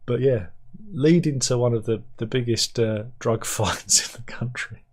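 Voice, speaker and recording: Man, gravelly voice, casual news commentary, wry, chatty, home room. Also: medium pitch, measured pace, darkish tone. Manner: chatty, wry, laughs at his own jokes. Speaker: host.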